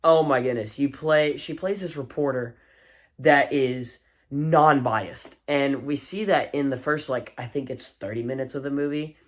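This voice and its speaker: A man's voice: medium pitch, unhurried. A man giving a casual spoken movie review, enthusiastic and rambling, with fillers and restarts.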